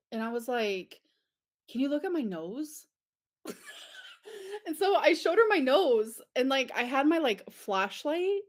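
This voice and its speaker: A woman chatting casually to viewers on a livestream, rambling with lots of fillers and giggles. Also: on the high side.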